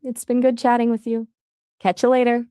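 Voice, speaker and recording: A woman's voice: a little high, monotone, a little fast, dark tone, clear, resonant tone, no room sound, studio quality. A woman's voice acting as an AI voice assistant in casual chat, chatty and polite, often asking follow-up questions.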